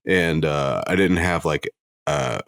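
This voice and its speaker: Low-voiced dude on a podcast, dry close sound, sarcastic crude jokes. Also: male voice, takes it slowly, gravelly, fairly bright tone, dry recording. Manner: crude, sardonic joking. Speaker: podcast co-host. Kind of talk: casual banter.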